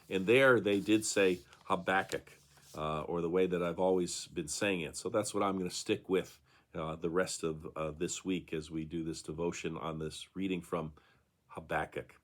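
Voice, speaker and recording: A male pastor giving a conversational daily devotional talk, with frequent fillers and tag questions. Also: low-pitched.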